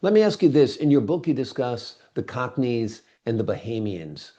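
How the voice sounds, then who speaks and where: A man's voice: mid-range voice, very animated, moderate pace, mellow. A man hosting an interview, chatty and engaged, who asks probing questions. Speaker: interview host. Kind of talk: conversational interview. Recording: dull lo-fi interview audio.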